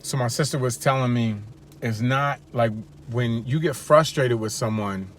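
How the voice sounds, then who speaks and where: A married father talking casually to his viewers in a relaxed, slangy, chatty motivational vlog. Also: mid-range voice, moderate pace, slight background noise. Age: adult with wife and kids. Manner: laid-back, slangy, chatty. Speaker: vlogger. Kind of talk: casual motivational talk to camera.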